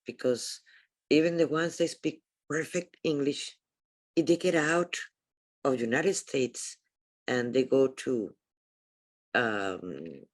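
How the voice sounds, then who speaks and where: A woman's voice: rumbling low, a little mellow. A woman hosting a podcast, speaking in an earnest, reflective tone during a casual conversation. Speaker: podcast host.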